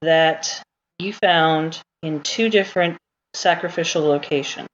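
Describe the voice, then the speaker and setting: Woman game master on a dull mic. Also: low voice. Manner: casual, halting narration with frequent restarts and giggles. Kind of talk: narrating a tabletop game. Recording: slightly dull lo-fi mic with faint hiss.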